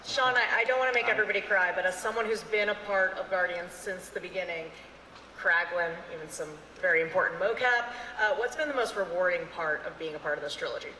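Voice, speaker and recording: A woman's voice: on the low side, quick pace, sharp tone, slight background noise. A woman moderating a convention panel in an upbeat, gushing way. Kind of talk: stage interviewing. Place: large convention hall stage. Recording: echoey hall with long reverb.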